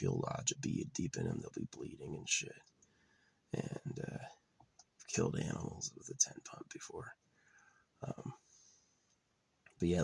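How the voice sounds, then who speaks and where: A man's voice: deep voice, a little mellow, no room sound. A man rambling profanely in a casual monologue, now and then dropping to a near-whisper, recorded outdoors at his camp spot. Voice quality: gravelly and husky. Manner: drops to a near-whisper at times.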